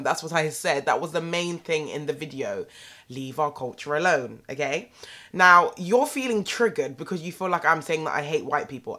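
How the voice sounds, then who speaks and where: A young woman with a British accent rants to camera from her home, sassy and direct. Her voice is bright and sharp and sits fairly low, yet it swoops up and down a lot as she talks. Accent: British English. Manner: sassy, animated, talks straight at the viewer. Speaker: vlogger. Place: indoors at home.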